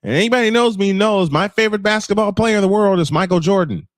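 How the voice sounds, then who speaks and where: A man's voice: high-pitched, fast, no echo, clean studio sound. A man in his fifties venting in an emotional personal monologue, angry and frustrated, swearing and repeating himself for emphasis. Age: 50s. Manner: angry, frustrated, profane outbursts; emphatic repetition. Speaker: livestream host. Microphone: camera off, voice only.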